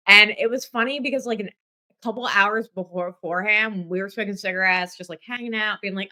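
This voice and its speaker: A woman hosting a podcast in casual chat, telling a story with lively acted-out quotes and plenty of swearing. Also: mid-range voice, a little fast. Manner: animated storyteller, acts out quotes, swears freely. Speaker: podcast host.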